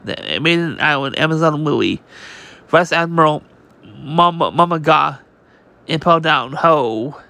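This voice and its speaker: A man's voice: fairly high pitch, animated, a little slow, vocal fry, sharp tone. A man reading a comic aloud on his channel. His reading is casual and unpolished, with frequent restarts and read-out sound effects.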